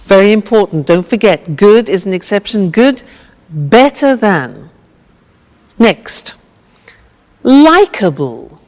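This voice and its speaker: A woman teaching English grammar with a slow, clear drill, patient and encouraging. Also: medium pitch, big pitch swings, a little mellow, in a large hall.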